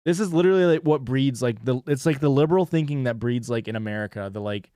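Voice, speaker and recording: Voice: medium pitch, fast, warm tone, no echo, studio quality. A stream host reacting to a TV show in casual, rambling commentary, sarcastic and full of swearing.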